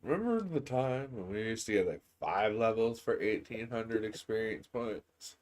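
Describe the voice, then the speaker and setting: Laughing, excitable man chatting. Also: lowish voice, normal speed. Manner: laughs often, stammers and restarts, gets loud when excited. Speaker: co-host of a gaming stream. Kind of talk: casual chat.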